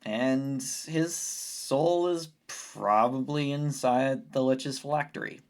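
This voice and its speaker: A tabletop player who rambles through explanations, restarts sentences and breaks into laughter. The talk is casual, with a wandering, middle-of-the-road pitch. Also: takes it slowly. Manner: rambling, self-interrupting, laughs often.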